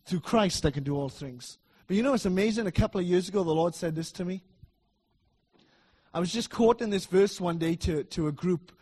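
A middle-aged man preaches a sermon in a church with a high-pitched, breathy-edged voice, talking a little fast. He's emphatic and repetitive, swinging between loud declarations and soft asides.

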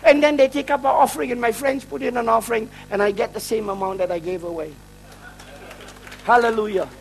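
High-voiced joking male preacher. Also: brisk, poor audio. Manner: joking, self-mocking storyteller who laughs at his own lines. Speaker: traveling preacher. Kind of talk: humorous testimony sermon.

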